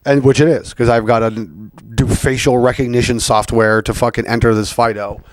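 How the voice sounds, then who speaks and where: A man's voice: medium pitch, fairly even intonation, normal speed, no room sound. Podcast host, man, rambling profane rant, dry close sound. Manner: rambling, profane, frequent fillers. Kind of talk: casual rant.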